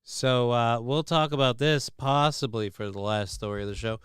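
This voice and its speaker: A man's voice: mid-range voice, moderate pace, clear, resonant tone, no room sound, clean studio sound. A man hosting a livestream show, chatting casually with a profane, sarcastic, rambling manner.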